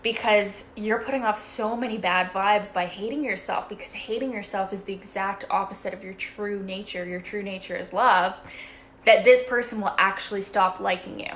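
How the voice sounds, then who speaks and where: A woman's voice: mid-range voice, steady tone, normal speed, a bit bright, a little hiss or hum. Chatty swearing woman life coach. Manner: chatty, swears freely, keeps asking "right?". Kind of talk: casual motivational livestream talk.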